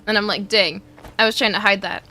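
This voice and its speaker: A woman's voice: medium pitch, brisk, pushed and bright. A young woman streaming a game and chatting with her viewers, greeting them over and over, her speech a little muffled by a cough drop in her mouth. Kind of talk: casual live-stream chat while gaming.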